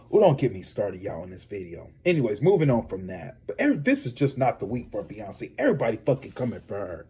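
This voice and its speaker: Man, gossip livestream host, cussing, animated, dark muffled voice, husky, lo-fi. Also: lowish voice, quick pace, few pauses. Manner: profane, animated, talks straight to viewers. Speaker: psychic tarot reader and gossip host. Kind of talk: casual celebrity gossip livestream.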